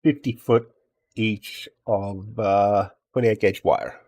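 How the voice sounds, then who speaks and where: A man's voice: fairly low pitch, fairly even intonation, slow pace, dark tone. A middle-aged man from Australia chatting casually and muttering to himself while repairing a game console. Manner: mutters to himself and coaxes parts while soldering. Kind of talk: casual talk while working.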